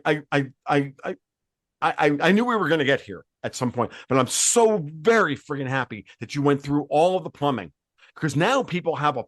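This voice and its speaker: Brief: male podcast host, higher-pitched voice, dry close mic, angry swearing rant. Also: a bit bright, no room sound. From United States. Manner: profane, emphatic, repeats words and restarts. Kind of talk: heated political rant.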